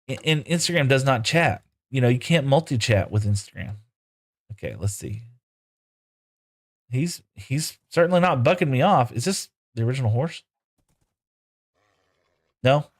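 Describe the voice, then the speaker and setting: A man's voice: medium pitch, animated, measured pace, pauses often. A man live-streaming a game, chatting casually with viewers and coaxing his in-game horses in playful broken talk.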